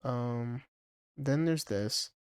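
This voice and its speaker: A male music producer casually talking through a song project, hesitant and full of fillers, with his track playing clearly underneath. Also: medium pitch, very slow, noisy background. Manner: hesitant, full of ums and likes.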